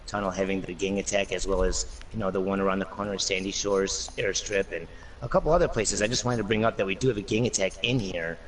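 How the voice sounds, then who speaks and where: A man's voice: low-pitched, quick pace. A man guesting on a casual gaming discussion, thinking aloud with lots of fillers. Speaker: guest panelist. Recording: distant mic with faint noise.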